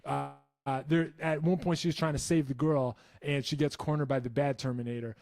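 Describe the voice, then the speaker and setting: A man's voice: mid-range voice, steady tone, normal speed, darkish tone, dry recording, studio quality. A man hosting a casual live stream, answering viewer questions in a rambling, self-interrupting way with wry enthusiasm.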